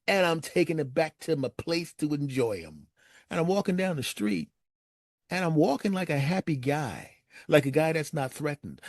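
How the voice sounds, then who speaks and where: A man telling a personal story as a monologue, animated and acting out his friends' lines. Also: no echo, clean studio sound. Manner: animated, acts out friends' lines in raised pitch.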